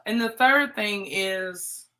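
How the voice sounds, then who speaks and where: Bright-voiced woman chatting playfully. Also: mid-range voice, very slow. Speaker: livestream host. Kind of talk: casual reality-TV commentary.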